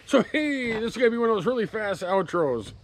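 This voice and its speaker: An easygoing man talks from his parked truck, rambling loosely through a vlog outro. His voice is a touch higher than usual for a man, with faint background noise. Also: very animated, brisk, poor audio. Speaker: fishing vlogger. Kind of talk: casual vlog outro chat.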